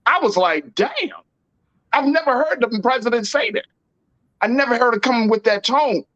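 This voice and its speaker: A man's voice: very high-pitched, lively intonation, brisk, a bit bright, no room sound, highs cut off. A man hosting a political talk show, speaking in an emphatic, slangy and repetitive way. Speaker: host.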